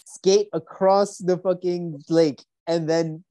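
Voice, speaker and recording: Male podcast co-host, excitable and foul-mouthed, mellow dark tone, dry close sound. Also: high voice, slow pace, no echo. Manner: profane, excitable, does mock voices. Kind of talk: casual movie chat.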